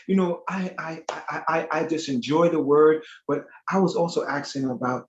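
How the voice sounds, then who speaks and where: A man with a somewhat high voice tells a personal story in lively, casual panel talk, acting out the dialogue. The room is echoey, and the recording sounds dull and lo-fi. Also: normal speed, few pauses. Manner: animated storytelling with acted quotes. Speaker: panel guest.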